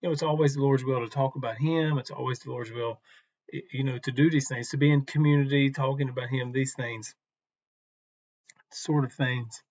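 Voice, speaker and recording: A man teaching from the Bible in a relaxed, conversational devotional talk, unhurried and with some restarts. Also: medium pitch, no room sound, lo-fi sound.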